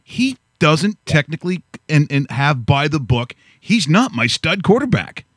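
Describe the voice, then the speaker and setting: A man's voice: on the high side, big pitch swings, a little slow, no room sound. A man co-hosting a studio show, asking rambling, earnest questions in casual talk. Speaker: co-host.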